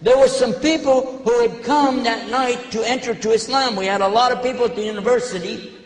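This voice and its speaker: An older man preaching to an audience, telling stories in an animated way into a handheld microphone. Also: extremely high pitch, brisk. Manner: storytelling, animated when retelling events. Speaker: preacher answering questions. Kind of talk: public talk to an audience. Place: large hall. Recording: echoey hall, long reverb.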